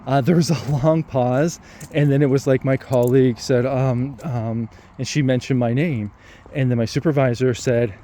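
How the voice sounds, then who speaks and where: Mellow, reflective man telling a story. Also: medium pitch, fairly even intonation, slight background noise. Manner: reflective and hesitant, many pauses and restarts. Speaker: vlogger. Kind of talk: casual personal storytelling.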